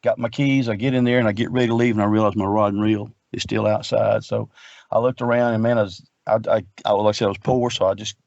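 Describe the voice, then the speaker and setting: A man's voice: fairly low pitch, fairly even intonation, fast, creaky, darkish tone, dry recording, dull audio. A middle-aged man telling a long personal story in an earnest, rambling way, often repeating himself. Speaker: guest researcher. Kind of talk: casual storytelling.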